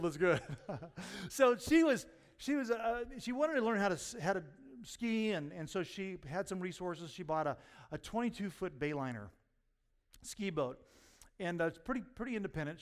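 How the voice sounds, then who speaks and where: A man preaching a sermon as pastor, telling stories and swinging from quiet asides to near-shouts. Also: fairly high pitch, long reverb tail. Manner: storytelling, rising to near-shouts at punchlines. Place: church sanctuary.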